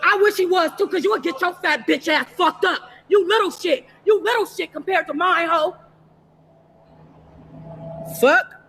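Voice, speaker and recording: A woman on a phone livestream from inside a fast-food restaurant, cursing and confronting someone in an angry rant. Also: extremely high pitch. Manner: profane, confrontational, repetitive shouting. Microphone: phone held for a livestream.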